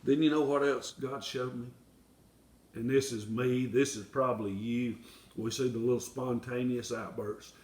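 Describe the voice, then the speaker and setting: A man's voice: mid-range voice, moderate pace. A male pastor preaching a folksy sermon that swells into impassioned appeals. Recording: echoey room, from far off.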